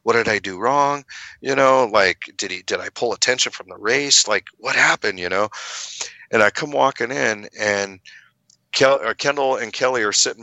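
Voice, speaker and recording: Deep bright-voiced man telling a story. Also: no room sound. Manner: animated storyteller, acts out quoted voices, swears freely. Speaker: guest telling his story. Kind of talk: casual storytelling chat.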